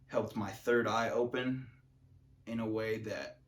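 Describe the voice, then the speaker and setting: A man's voice: lowish voice, steady tone, slow pace. A man talking casually to camera in a rambling vlog monologue, full of fillers and restarts. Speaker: vlogger.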